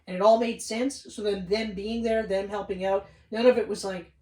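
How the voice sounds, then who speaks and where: A man co-hosting a casual movie review podcast, talking excitedly, swearing freely and acting out scenes in quoted voices. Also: high voice, normal speed. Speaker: podcast co-host. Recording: roomy room, far from mic.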